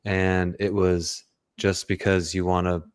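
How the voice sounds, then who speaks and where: A man's voice: sits low, little pitch movement, slow pace, clean tone, dry recording, studio quality. A man hosting a podcast, chatting casually with a guest and affirming him, with frequent fillers. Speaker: podcast host. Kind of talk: casual interview chat.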